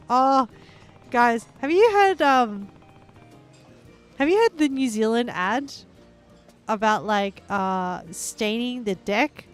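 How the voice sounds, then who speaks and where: A woman's voice: on the high side, takes it slowly, pauses often, faint music behind. Chatty woman game streamer, rambling. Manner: chatty and rambling, heavy on "like" fillers; bursts into excited squeals and laughs. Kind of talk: casual live-stream chat.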